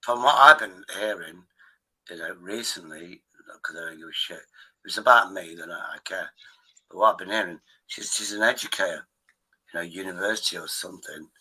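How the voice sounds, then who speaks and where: Brief: male stream host with a low, punchy, strained voice; rambling and swears freely. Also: normal speed, pushed and bright, slightly rough, poor audio. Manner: rambling and profane. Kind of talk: casual chat.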